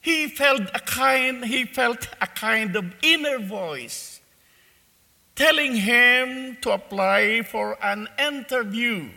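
Male preacher, sermon, deliberate storytelling, high voice, long church reverb. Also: vocal fry, bright, forceful tone. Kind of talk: sermon with a told parable.

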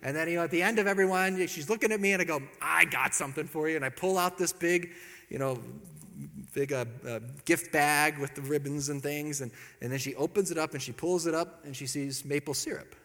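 A man's voice: a little high, brisk, a bit bright, big-room sound. A man giving a talk and telling a self-mocking story about his marriage, laughing at his own jokes.

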